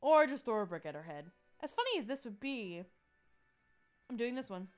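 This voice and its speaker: A woman's voice: a little high, sing-song, normal speed, soft background music. A young woman hosting a casual let's play, chatty and giggly. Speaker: gaming channel host.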